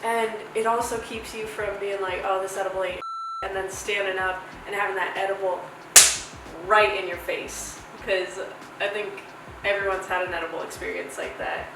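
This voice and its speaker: A woman's voice: medium pitch, fairly even intonation, normal speed, noisy background. A young woman hosting a casual review vlog, chatty, rambling and playful. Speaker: host reviewing edibles. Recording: echoey room from far off with music.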